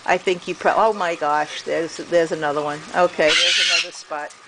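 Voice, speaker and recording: A woman's voice: deep voice, fairly even intonation, normal speed. A middle-aged woman chatting to her pet birds in a sing-song voice, filming on a porch in the rain. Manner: sing-song baby talk to birds, with frequent laughs. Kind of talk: casual talk to pets. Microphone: handheld camera. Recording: noisy outdoor camera audio. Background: rain and bird sounds.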